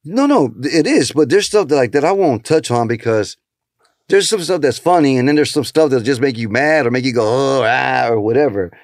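A man's voice: mid-range voice, lively intonation, fairly quick, no room sound, studio quality. A man from Houston, Texas, a stand-up comedian guest, telling rambling, profane stories and acting out the voices in them. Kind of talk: casual storytelling interview.

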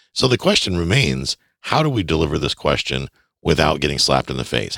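Very deep gravelly man teaching. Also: dry recording, studio quality. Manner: folksy, animated, acts out dialogue. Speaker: real estate investing teacher. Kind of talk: instructional talk.

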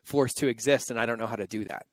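A man's voice: mid-range voice, fairly even intonation, fast talker, no room sound, low-quality recording. A male podcast host talking openly and reflectively in a candid conversation, his voice shaky and close to tears. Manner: open, reflective, confessional.

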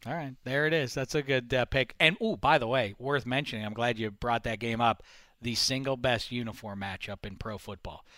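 A man's voice: medium pitch, fairly quick, bright, forceful tone, no echo, clean studio sound. A man hosting a sports podcast, joking and rambling with many fillers. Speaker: podcast host. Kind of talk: casual sports talk.

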